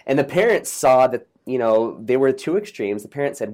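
A middle-aged man, a podcast guest, telling a joke and stories in a lively, optimistic way in a casual interview. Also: mid-range voice, moderate pace, hardly any pauses. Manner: energetic, optimistic, acts out voices in a joke.

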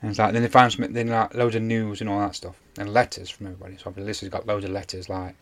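A man's voice: on the low side, level tone, racing. A man, casually retelling a TV episode on a podcast, rambling with many fillers. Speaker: podcast co-host. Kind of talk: casual chat.

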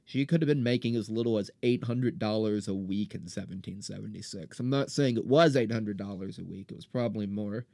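A man's voice: on the low side, fairly quick, vocal fry, hardly any pauses, mellow, no room sound, studio quality. Impassioned man ranting on a podcast. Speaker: podcast host. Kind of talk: solo ranting monologue.

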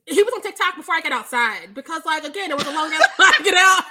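A podcast co-host with a high, bright voice talks fast in a casual chat. She tells stories animatedly, swearing freely, piling on details, and laughing along the way.

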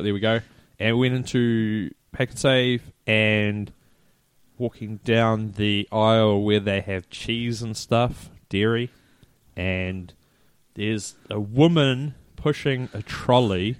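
A man's voice: fairly low pitch, no room sound. A man with a New Zealand accent, co-hosting a casual podcast and telling stories animatedly, acting out the voices of the people in them. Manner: animated storyteller, quoting people in raised voices. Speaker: podcast co-host. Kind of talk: casual chat, storytelling.

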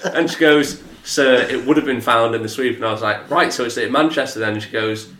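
A man, telling a story in a casual podcast chat, animated and swearing, mimicking others in a flat lowered voice. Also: fairly quick. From England. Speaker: podcast co-host. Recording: echoey room.

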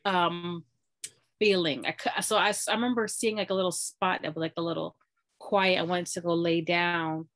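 A woman's voice: fairly low pitch, fairly even intonation, moderate pace, a bit bright. A woman in a casual chat, telling a heartfelt personal story in a rambling way with lots of "like".

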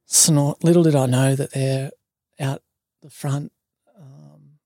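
A man's voice: mid-range voice, fairly even intonation, slow, warm tone, no room sound, clean studio sound. An Australian man telling a long story in casual chat, full of ums, likes and swearing. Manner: rambling, many ums and likes, swears freely. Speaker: podcast guest.

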